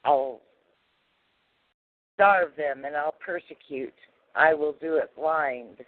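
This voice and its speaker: A man's voice: a little high, slow, no echo. A man voicing an obedient male computer chip in a poem he recites on a radio call, in a mechanical, rhyming way. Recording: tinny dry phone line.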